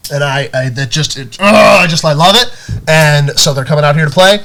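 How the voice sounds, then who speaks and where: A man's voice: a little high, fairly quick. A man co-hosting a podcast, telling stories in casual chat with lots of fillers, restarts and laughs. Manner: animated storytelling, many fillers and restarts. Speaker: podcast co-host.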